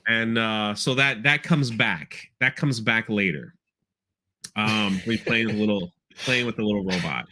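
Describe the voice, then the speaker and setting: Speaking a little slowly, a man with a fairly low voice sounds bright and forceful. He's a podcast host rambling casually through an episode recap, tossing in loose asides and playful character impressions.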